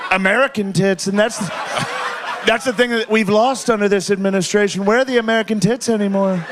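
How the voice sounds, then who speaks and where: A man's voice: high voice, steady tone, a little fast, a crowd in the background, noisy background, pitched above the performer's own voice, close to an everyday voice. A man putting on the voice of a boastful older male politician at a rally, throaty and talking in repeated superlatives. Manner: bragging, repetitive superlatives. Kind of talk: political impression.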